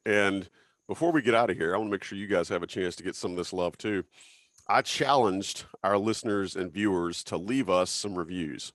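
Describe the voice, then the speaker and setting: A man with a low voice hosts a casual sports podcast, joking around in a loose, easy way. He is recorded dry and close to the microphone. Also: dry recording. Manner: joking, loose, reads out listener names. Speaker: podcast host.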